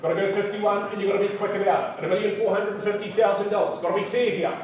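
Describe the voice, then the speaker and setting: A man's voice: sits high, steady tone, rapid-fire, darkish tone, a little hiss or hum. A man calling a live auction indoors, rattling off bids and teasing the bidders with playful asides. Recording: very echoey room, voice from a distance.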